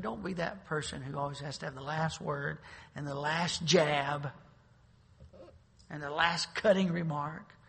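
A man's voice: a little high, creaky, a bit bright, husky. A male pastor preaching an emphatic sermon to his congregation, joking with them and repeating words as he restarts his sentences. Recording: long hall reverb.

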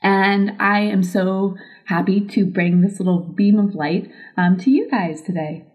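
A bubbly, effusive podcast host laughs often as she chats with her guest in a casual interview. Her mid-range voice is a little slow and a little mellow.

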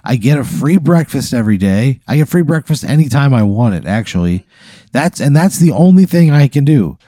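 Exasperated, swearing man with a mellow voice. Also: mid-range voice, big pitch swings, brisk, dry recording, studio quality. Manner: crass, exasperated, swears a lot. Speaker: podcast co-host, answering the hypothetical. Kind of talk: casual comedic banter.

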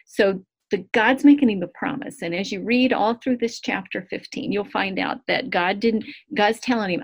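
A woman teaching a recorded Bible lesson over screen share, earnest and animated, acting out the quotes she reads. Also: mid-range voice, normal speed, slightly rough. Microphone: screen-share video call.

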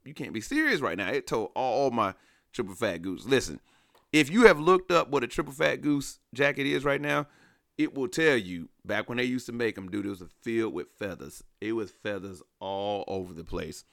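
A man co-hosting a podcast, telling a story in a casual, animated way with acted-out quotes and laughter. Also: mid-range voice, moderate pace, gravelly, dry recording, studio quality. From Alabama. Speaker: podcast co-host.

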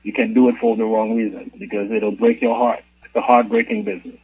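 A man who does stand-up comedy, calling in to a podcast and chatting casually, with a husky voice. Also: mid-range voice, fast. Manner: relaxed, plugging his special. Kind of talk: casual phone interview. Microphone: phone call. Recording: tinny phone line.

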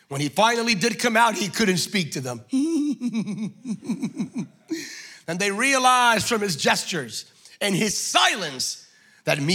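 A man preaching a sermon, acting out the scripture voices and shouting for emphasis. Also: sits high. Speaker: pastor.

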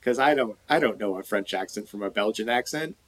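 A man co-hosting a casual movie chat, talking in halting phrases with lots of fillers. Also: fairly low pitch, dry recording, poor audio. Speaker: podcast co-host.

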